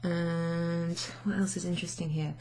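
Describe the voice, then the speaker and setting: This casual language lesson comes from a young woman at her home desk in an office with a standing desk, teaching French in a relaxed way, blending in English and laughing often. She talks at a normal speed with a lowish, level, darkish voice, and there's a little hiss or hum in the recording.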